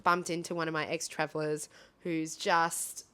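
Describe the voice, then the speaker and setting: A young adult woman co-hosting a podcast, telling a festival story in a casual, animated way, laughing often and acting out quotes. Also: low-pitched, normal speed, clean tone. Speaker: podcast co-host.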